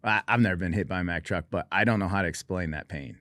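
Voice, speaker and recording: A deep but fairly bright voice comes fast from a middle-aged Oregon veteran telling his story in conversation. He's wry and understated, poking fun at himself, and the recording has no echo.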